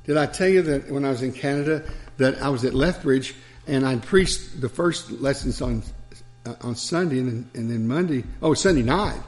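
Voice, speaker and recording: A man's voice: mid-range voice, normal speed. A man preacher delivering a sermon, telling stories with chuckles and asides.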